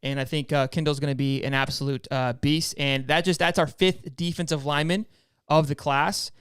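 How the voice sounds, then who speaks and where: A man's voice: a little high, fairly even intonation, moderate pace, clean tone, dry recording, clean studio sound. A man hosting a casual sports podcast, upbeat and joking, often repeating words as he talks. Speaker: podcast host.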